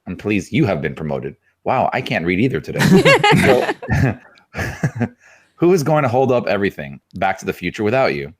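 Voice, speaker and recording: A man's voice: lowish voice, huge pitch swings, normal speed. A man co-hosting a podcast, reading out listener messages and laughing between them. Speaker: podcast co-host.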